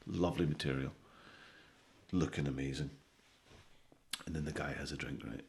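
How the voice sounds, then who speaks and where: Male comedian, very deep voice, sweary animated joke-teller, keeps checking in with "right?". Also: moderate pace, a little hiss or hum. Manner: animated storytelling, sweary, with frequent "right?" tags. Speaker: comedian guest. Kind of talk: casual podcast chat, telling jokes.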